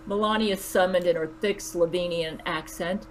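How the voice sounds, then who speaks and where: A woman reading a story aloud in an even but dramatic narrating voice. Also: lowish voice, fairly quick, a little hiss or hum, poor audio.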